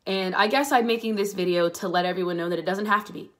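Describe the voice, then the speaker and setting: A woman in her twenties from the Pittsburgh area, speaking earnestly in a personal vlog, halting at first and growing more emphatic. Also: mid-range voice, a bit bright. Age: 20s. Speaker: vlogger.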